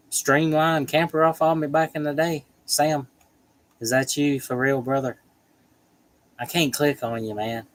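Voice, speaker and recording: A man's voice: medium pitch, rough recording. Chatty man hosting a livestream. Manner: chatty, joking, laughs often. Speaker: livestream host. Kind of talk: casual live chat reading comments.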